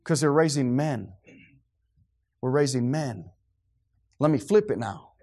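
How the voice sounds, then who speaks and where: A man's voice: medium pitch, animated, unhurried, darkish tone. A middle-aged man preaching a sermon to a congregation, fervent and preachy, sometimes losing his train of thought.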